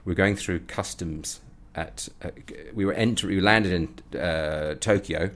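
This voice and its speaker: A man telling a comic story as an interview guest, acting out the voices of the people in it. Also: unhurried. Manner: animated storyteller, acting out voices with rising pitch. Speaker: comedy performer and guest. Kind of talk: anecdotal storytelling.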